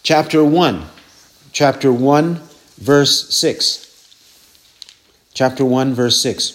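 Slow, deliberate male preacher. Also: medium pitch. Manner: deliberate, repeats references and rhetorical questions. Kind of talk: expository sermon.

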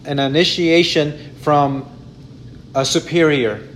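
A man teaching a Bible study, explaining in a measured way with frequent restarts and self-corrections. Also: a little high, fairly bright tone, slight background noise.

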